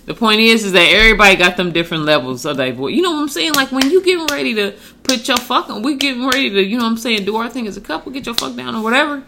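Animated, slangy woman co-host. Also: on the high side, racing, few pauses, slight background noise. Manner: laid-back, slangy, laughs often. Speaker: podcast co-host. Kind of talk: casual chat.

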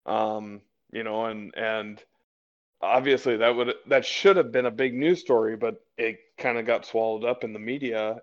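A man's voice: on the low side, fairly even intonation, moderate pace. A man co-hosting a casual political chat show, talking in a rambling way full of fillers and restarts. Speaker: podcast co-host. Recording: slightly dull lo-fi audio.

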